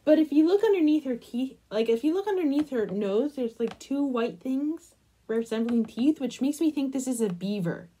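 A woman chatting casually in a crochet vlog, gushing over a pattern book and trailing off into soft murmurs. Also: high voice, animated, moderate pace, slightly rough. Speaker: crochet vlogger.

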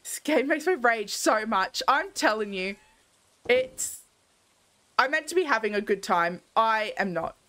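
A woman's voice: fairly high pitch, expressive, normal speed, few pauses, pushed and bright. A young woman commenting casually while streaming a game, grumbling to herself in theatrical exasperation.

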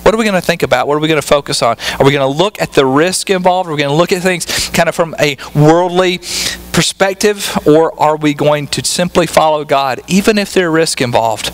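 A man with a notably high voice preaches to his congregation. He keeps the tone conversational and leans on rhetorical tag questions to pull listeners along. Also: a little fast, rough recording. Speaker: pastor. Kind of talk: sermon.

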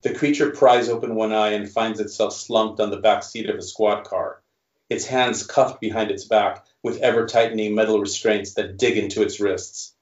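A male author reading his own fiction aloud in a measured narration, then answering questions. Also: fairly low pitch, steady tone. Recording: roomy, dull recording.

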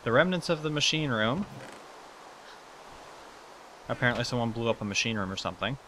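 A man narrates a casual game tour with a bright, forward voice, pointing things out and swearing freely. His tone is chatty and middle-pitched, with a faint hiss of noise under it. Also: lively intonation, a little fast. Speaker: let's play host. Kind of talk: casual gameplay commentary.

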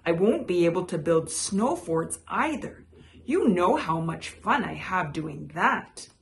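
A woman's voice: fairly low pitch, sing-song, takes it slowly, gravelly, heavily acted. A woman voicing a grumpy, complaining male rabbit in a read-aloud picture book, in a grumbling manner. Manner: grumbling, gloomy.

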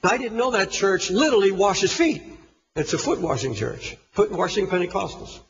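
A man's voice: high voice, very animated, normal speed. A man preaching a sermon, telling a story with fervent, impassioned delivery. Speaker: pastor. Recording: echoey hall, dull lo-fi recording.

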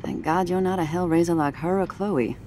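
A woman's voice: on the low side, brisk, warm tone, slight background noise, lightly acted. An actress playing a friendly, motherly middle-aged waitress in a game. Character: warm motherly diner waitress. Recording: game audio with music.

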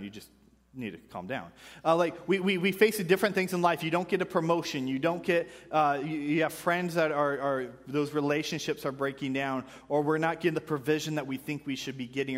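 Pastor guy preaching, jokey and animated, gets loud then real quiet, church hall echo. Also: mid-range voice. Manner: animated, jokey asides, swings between loud and hushed. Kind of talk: sermon. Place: church sanctuary.

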